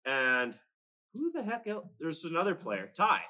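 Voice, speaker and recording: A man's voice: fairly high pitch, measured pace. A young man on a podcast, telling rowdy hockey stories in casual chat, swearing and laughing freely. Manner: animated storyteller, swears freely, laughs a lot. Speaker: podcast co-host.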